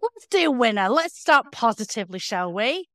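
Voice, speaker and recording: A woman's voice: fairly high pitch, big pitch swings, normal speed, a bit bright, no room sound, studio quality. A woman co-hosting a podcast, talking casually with many hesitations and fillers. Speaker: podcast co-host. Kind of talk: casual chat.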